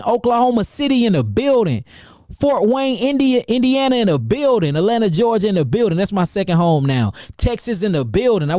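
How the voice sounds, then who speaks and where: An herbalist from St. Louis, Missouri, USA, with a high-pitched voice, fires off rapid, repetitive shout-outs to hype his livestream viewers. He promotes his seminars in loose slang with energetic, repetitive hype. The sound is close and dry, without room sound or echo.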